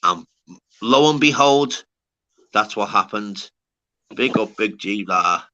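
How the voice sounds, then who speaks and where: A man's voice: fairly low pitch, animated, takes it slowly, pushed and bright, highs cut off. A young adult man with a Scouse accent, hosting a casual, swear-heavy chat full of banter.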